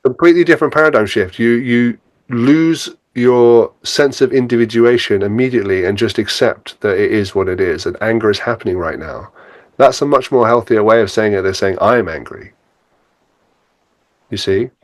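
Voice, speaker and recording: A man with a fairly low voice talks through spiritual ideas in a relaxed, reflective way. He laughs easily and slips into quoting his own thoughts. The sound is close and dry, with no room around it. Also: normal speed, no room sound. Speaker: podcast guest, spiritual teacher. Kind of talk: casual spiritual conversation.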